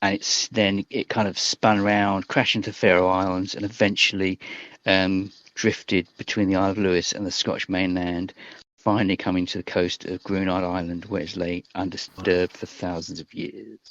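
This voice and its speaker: A man narrating as game master in a tabletop game, rambling and hesitant with many pauses. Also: low-pitched, level tone, a bit bright, dry recording. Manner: rambling, hesitant, lots of ums. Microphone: voice call mic. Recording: dry, slightly dull voice call.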